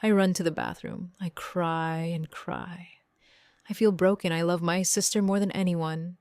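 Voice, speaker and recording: A young woman narrating a first-person story in slow, simple, clear sentences for English learners. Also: on the low side, steady tone, darkish tone, dry recording, studio quality. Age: young adult. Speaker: audiobook narrator.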